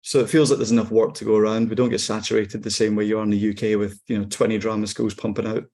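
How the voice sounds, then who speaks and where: A Scottish actor in his forties, chatting in an interview in a relaxed, wry way with frequent ums and restarts. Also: on the low side, quick pace. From Scotland. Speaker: actor guest. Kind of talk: casual interview chat.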